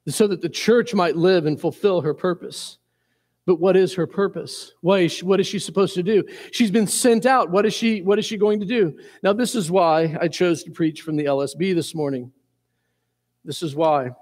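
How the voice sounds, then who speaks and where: A man's voice: high-pitched, moderate pace, a little mellow, in a large hall. A man from Indiana preaching a sermon to his congregation, earnest and emphatic, often repeating and restarting his words. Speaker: pastor. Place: church sanctuary.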